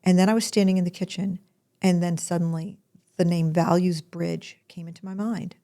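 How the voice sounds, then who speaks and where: Gravelly low-voiced woman telling a story. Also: steady tone, normal speed, dark tone. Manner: chatty and rambling, with frequent restarts and asides. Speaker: podcast host. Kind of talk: personal storytelling monologue.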